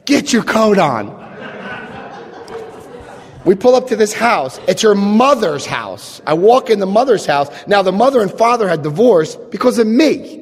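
Animated, self-mocking man in an echoing hall. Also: normal speed, few pauses. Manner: animated and self-mocking, jumps into high yelps for his own past self. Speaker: speaker sharing a recovery story. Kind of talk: storytelling to an audience. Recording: long hall reverb.

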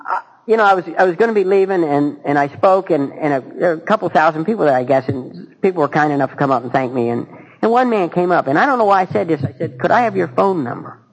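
A man's voice: a little high, rough recording. A man speaking at a recovery meeting, telling a personal story in an earnest, folksy and candid way.

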